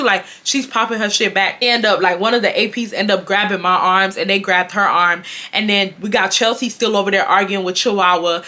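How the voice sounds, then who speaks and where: A woman's voice: mid-range voice, normal speed. A woman, animatedly telling a storytime to her viewers with lots of fillers. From Houston, Texas. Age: 20s. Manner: animated, filler-heavy retelling addressing viewers. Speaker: storytime vlogger. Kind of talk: casual storytelling.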